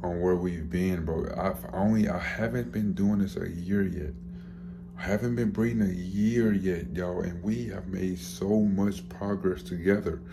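A young dog breeder talks casually to a handheld camera in a low, gravelly voice with a steady tone and measured pace, over background noise. He's hyped and slangy, repeating the same phrases again and again.

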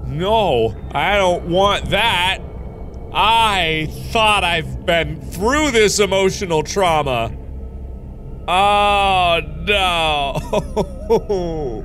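His voice sits high and fairly bright, animated but very slow, with a little hiss or hum on the recording. He's a man in his twenties hosting a let's play, giving excitable commentary, talking jokingly to the game's creatures, cursing often, and yelping when something startles him.

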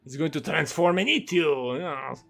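A man's voice: fairly high pitch, normal speed, gravelly, fairly bright tone, faint music behind. A man doing a teasing mock-Russian troll. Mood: mock-serious. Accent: put-on Russian. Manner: teasing, mangled grammar, mock-serious. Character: joking adult man faking a thick Russian accent, broken English. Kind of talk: prank video chat trolling.

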